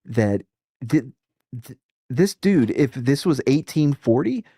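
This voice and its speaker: A man's voice: mid-range voice, lively intonation, takes it slowly, warm tone, slightly rough, no room sound, studio quality. A man hosting a casual reaction chat, rambling and profane, laughing often and restarting his sentences. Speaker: streamer host.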